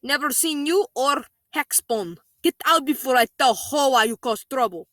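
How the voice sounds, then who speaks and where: A woman voicing a sweet but sharp-tongued older German neighbor lady in a higher voice. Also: unhurried, dry recording, clean studio sound. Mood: sassy.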